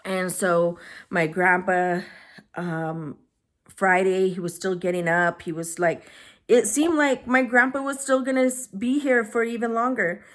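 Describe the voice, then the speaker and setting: A woman vlogger telling a personal story to camera, soft-spoken and halting as she searches for words, grieving and holding back tears. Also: mid-range voice. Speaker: beauty vlogger.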